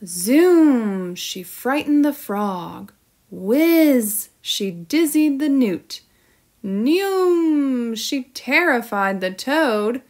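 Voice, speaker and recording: A woman teacher reading a children's storybook aloud in an expressive, storytelling manner. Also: fairly high pitch, slow pace, hardly any pauses.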